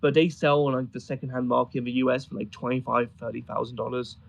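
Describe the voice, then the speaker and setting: A man's voice: mid-range voice, flat delivery, fast talker, creaky, low-quality recording. A man talking casually as a guest, telling rambling, amused stories with many fillers. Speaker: guest describing travels in Afghanistan. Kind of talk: casual conversation on a voice chat.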